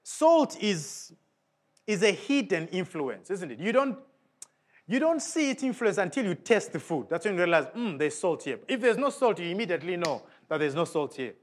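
A man's voice: very animated, normal speed. A man preaching a sermon in an emphatic way, often putting questions to the congregation. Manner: emphatic, with big swings of pitch and volume.

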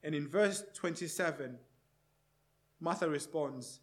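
A male preacher delivering a sermon, posing repeated rhetorical questions and moving between loud, emphatic passages and hushed ones. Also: a little high, a little slow.

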